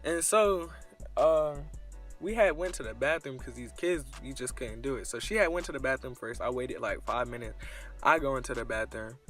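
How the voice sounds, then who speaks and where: Casual young man with a sharp, forceful voice, animated crude storytime telling. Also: mid-range voice, moderate pace, soft background music. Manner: crude, slangy, animated retelling. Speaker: storyteller vlogger.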